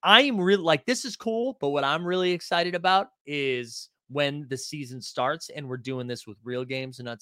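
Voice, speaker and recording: A man's voice: fairly high pitch, pushed and bright, no echo, studio quality. A man hosting a casual livestream, reading out viewer comments in a loose, rambling way full of fillers and restarts. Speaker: livestream host.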